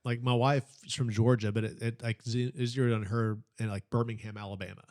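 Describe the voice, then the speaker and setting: A man's voice: medium pitch, level tone, brisk, darkish tone. A man who is a pastor, chatting casually in an interview and telling rambling stories full of fillers and restarts. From Nebraska, Texas, Kentucky.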